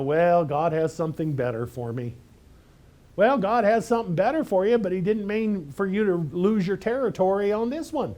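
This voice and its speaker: Male pastor, slightly higher voice, conversational but emphatic preaching, lots of rhetorical questions. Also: a little mellow. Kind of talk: sermon.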